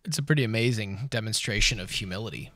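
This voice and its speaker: A man's voice: fairly low pitch, fast talker, fairly bright tone, no room sound. A man co-hosting a casual Bible discussion podcast, joking lightly and in an easygoing way. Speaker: podcast co-host.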